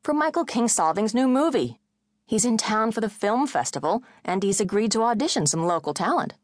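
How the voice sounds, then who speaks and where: A woman's voice: mid-range voice, sing-song, no room sound, studio quality, pitched above the performer's own voice, close to an everyday voice. Woman voicing a snappy, impatient young woman. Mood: exasperated. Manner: sharp, exasperated, talking fast. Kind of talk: audiobook character voice.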